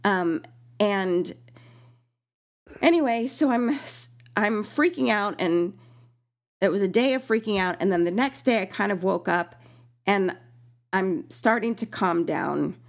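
A woman in casual conversation, animated and quick to laugh, still recovering from an illness. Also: medium pitch. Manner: animated, laughs often, acts out quoted voices. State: recovering from illness, lingering cough. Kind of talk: casual storytelling chat.

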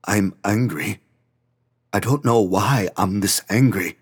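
A man's voice: on the low side, slow, breathy edge. A man voicing a volatile, tearful young musician. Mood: angry. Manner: agitated, raised and intense.

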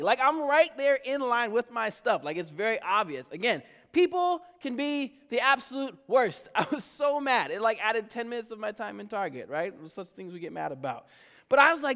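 Animated high-voiced man preaching. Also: fairly quick. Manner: animated, jokey, conversational. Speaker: pastor. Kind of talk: casual sermon with storytelling. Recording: reverberant hall.

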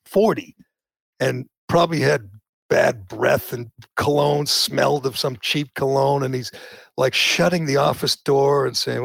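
Gravelly, husky male talk host, indignant, prone to heated outbursts, dry sound. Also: medium pitch, unhurried, no echo. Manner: indignant, swings to loud outbursts. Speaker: podcast host. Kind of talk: opinionated political talk.

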